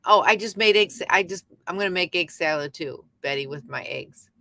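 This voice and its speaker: Speaking at a normal speed in a lowish, bright, forceful voice, this middle-aged YouTube livestream host chats casually from home. She rambles and addresses her viewers by name.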